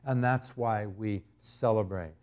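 A male pastor delivering a sermon, slow and emphatic, repeating key words for dramatic effect. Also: on the low side, a little mellow, clear, resonant tone.

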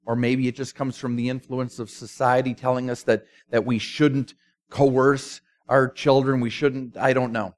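A man preaching a sermon, telling a story with emphasis and dropping to a quiet voice at times. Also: mid-range voice, level tone, measured pace.

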